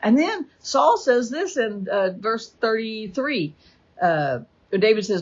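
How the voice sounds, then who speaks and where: A woman teaching a Bible study, retelling the story with animated energy and acting out the quotes. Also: a little high, slow pace. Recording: dull lo-fi recording.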